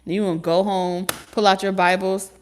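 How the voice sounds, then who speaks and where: A woman giving a casual tarot reading, talking in an animated, joking way with frequent laughs and casual swearing. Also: medium pitch, moderate pace, slight background noise. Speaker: tarot reader.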